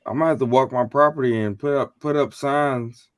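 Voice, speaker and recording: A man's voice: medium pitch, normal speed, no echo, studio quality. A man co-hosting a podcast, talking in slangy, emphatic casual chat with some swearing. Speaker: podcast co-host.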